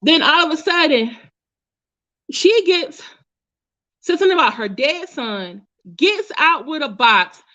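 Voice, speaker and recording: A woman's voice: sits high, lively intonation, unhurried, pauses often, bright, forceful tone, dull audio. A woman giving casual, blunt commentary, chatty and often restarting her sentences. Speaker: commentary YouTuber.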